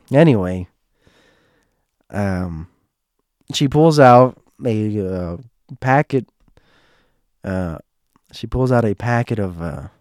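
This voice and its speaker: A man's voice: dry recording, clean studio sound. Rambling man telling a story. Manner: animated, rises in pitch when quoting himself; rambling, with many fillers. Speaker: podcast host. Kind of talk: casual anecdote storytelling.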